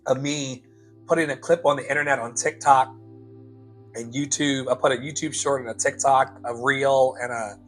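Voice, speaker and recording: A man coaching his listeners in a live motivational talk, repeating key lines slowly for emphasis and calling them beloved. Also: on the high side, fairly bright tone, breathy edge, rough recording. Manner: emphatic, slow repetitions for effect. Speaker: life coach and show host.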